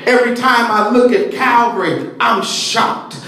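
A man preaching a sermon in a slow, rhythmic cadence, stretching words and rising to shouts. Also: very high-pitched. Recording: echoey hall, mic at a distance.

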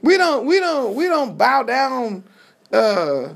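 A folksy, emphatic preacher delivers a sermon-style teaching with a gravelly rasp in the voice. The pitch leaps and dips freely as the story is told through its dialogue, with listeners answering back. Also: very animated, slow. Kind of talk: sermon-style Bible teaching with call and response.

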